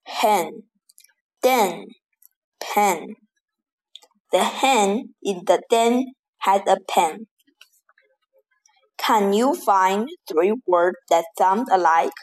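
A woman reads a children's rhyming lesson at an extremely slow pace, pausing after every single word. Her delivery is careful and deliberate, with a middle-pitched voice. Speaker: teacher reading rhymes.

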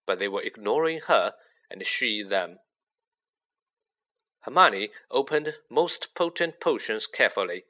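A man reading a children's novel aloud as narrator, with lively expression. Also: mid-range voice. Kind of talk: audiobook reading.

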